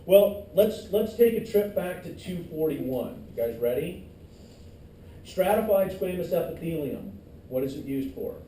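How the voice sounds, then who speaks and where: A man's voice: on the high side, big pitch swings, unhurried, mellow, a little hiss or hum. A middle-aged male teacher giving a classroom lecture, quizzing the class and cracking jokes, recorded from far off in an echoey classroom. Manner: joking asides, quizzes the class.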